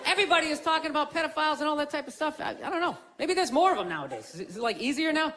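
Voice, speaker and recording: A man's voice: very high-pitched, lively intonation, very fast, some chatter behind, slight background noise. A man doing stand-up comedy, rambling and sarcastic, mock-complaining to a live audience. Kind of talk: stand-up routine. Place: comedy club stage. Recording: live club recording, loud audience.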